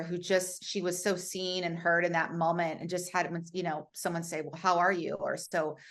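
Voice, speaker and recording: Earnest woman guest with a lowish voice. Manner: earnest, warm encouragement, many restarts and "you know". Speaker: author and podcast guest. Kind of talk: casual interview chat.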